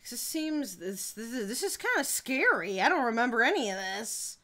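A woman's voice: fairly high pitch, big pitch swings, normal speed, sharp tone. A woman streaming a horror game live, reacting with jumpy, frightened exclamations and casual chat. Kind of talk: live gameplay commentary.

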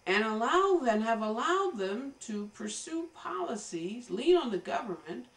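American woman, slightly high-pitched, emphatic commentary monologue, distant and roomy recording. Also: sing-song, unhurried. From United States. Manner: emphatic, lecturing, addresses viewers directly. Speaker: political commentator.

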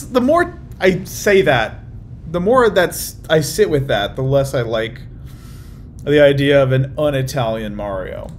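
A young man chats in a slightly high voice with a very lively, bouncing pitch. He rambles wryly and keeps restarting his sentences. He speaks from a hotel room, with a faint hiss behind him. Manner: rambling and wry, with lots of restarts. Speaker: YouTube reaction host. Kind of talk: casual chat.

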